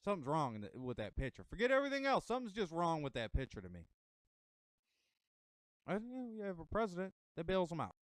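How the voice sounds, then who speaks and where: A man's voice: on the high side, wildly swooping pitch, fast, dry recording. An American man giving a casual motivational monologue to camera, emphatic and a bit rambling. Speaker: vlogger giving motivational talk.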